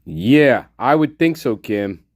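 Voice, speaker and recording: A man's voice: mid-range voice, big pitch swings, takes it slowly, no echo, clean studio sound. A man hosting a casual livestream, swearing and ranting angrily, then muttering to himself as he reads the chat. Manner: profane angry ranting; muttering while reading chat. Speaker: livestream host.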